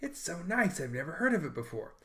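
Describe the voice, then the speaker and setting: A man's voice: on the high side, sing-song, fast talker, bright, forceful tone. A man voicing a shy, moody little girl in a storybook reading, coy and easily hurt. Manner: pleading, tearful, coy.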